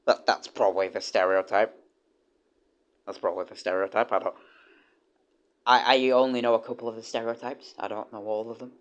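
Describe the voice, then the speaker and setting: A man's voice: on the low side, steady tone, brisk, pauses often. British man, young adult, casual stream chat, rambling, swears freely, dull audio. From United Kingdom.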